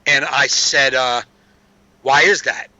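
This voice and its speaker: Bright-voiced streetwise man telling stories. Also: mid-range voice, fairly even intonation, slow, dry recording, lo-fi sound. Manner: streetwise storyteller, swears freely. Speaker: podcast guest. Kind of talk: casual chat.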